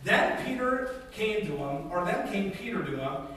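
A male preacher with a fairly high voice delivers an animated, conversational sermon and acts out scenes in different voices. He sits well back from the mic in a very echoey church hall, and faint noise hangs under his words. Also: normal speed, distant mic. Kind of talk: sermon with storytelling.

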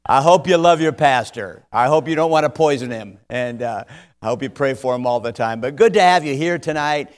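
A man preaching as a visiting speaker, joking and poking fun at himself as he stumbles over his words and grows louder and livelier. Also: mid-range voice, a little fast. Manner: jokey, self-deprecating, stumbling over words; growing louder and more animated as he goes. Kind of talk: sermon with humorous asides.

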